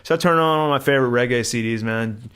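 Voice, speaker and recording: A middle-aged man spins stories in casual podcast chat, jumping in and out of voices for the people in them. He talks with easy, swearing looseness and a lively, storytelling energy. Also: mid-range voice, fast talker, smooth. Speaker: podcast co-host.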